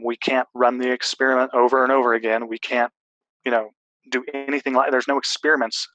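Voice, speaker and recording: A man's voice: medium pitch, fairly bright tone, no echo, lo-fi sound. Man explaining with lots of fillers. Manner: explanatory, restarts, many fillers. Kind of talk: casual discussion.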